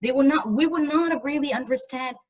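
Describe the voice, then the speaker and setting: A woman's voice: high-pitched, brisk. Woman lecturing over a muffled video call. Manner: earnest, emphatic with frequent repetitions. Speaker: university lecturer. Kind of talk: online lecture.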